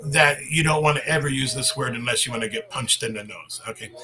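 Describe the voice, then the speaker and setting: A man's voice: medium pitch, fast, over music, low-quality recording. A man in his fifties, a language teacher hosting a casual livestream Q&A, talking in a chatty, rambling way with restarts.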